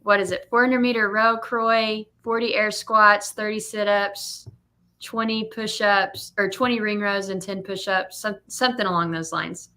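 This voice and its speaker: Young woman gym owner chatting, bright voice, acts out quotes as she tells stories. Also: mid-range voice, a little slow. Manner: animated storyteller, acts out quotes. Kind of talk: casual podcast chat.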